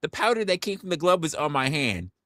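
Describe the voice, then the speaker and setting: A man putting on the high, teasing voice of a brazen female nurse. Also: big pitch swings, a little fast, fairly bright tone, slight background noise. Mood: coy teasing. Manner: teasing, coy and high-pitched.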